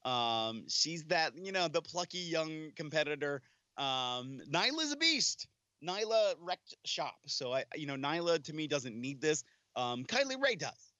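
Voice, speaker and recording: A man co-hosting a casual wrestling podcast, teasing his partner with quick asides and lots of fillers. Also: a little high, lively intonation, a bit bright, dry recording. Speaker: podcast co-host.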